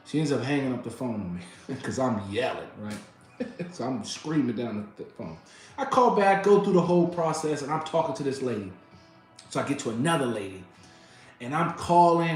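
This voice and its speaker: Exasperated man with an echoey room sound. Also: mid-range voice. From United States. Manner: animated, exasperated, yells when reenacting arguments; colloquial, double negatives. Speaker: vlogger. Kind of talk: casual storytelling rant. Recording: very echoey room with music behind.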